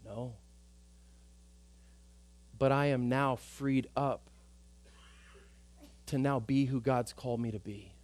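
A man preaching a sermon as pastor, emphatic, swinging between loud urgent stretches and quiet soft ones. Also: medium pitch, steady tone, takes it slowly, long pauses.

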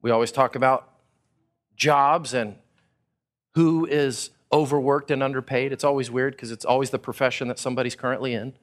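A man from Texas, preaching a sermon and acting out people's thoughts in a casual, animated way. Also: mid-range voice, moderate pace. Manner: animated, acts out listeners' thoughts in casual paraphrase. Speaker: pastor.

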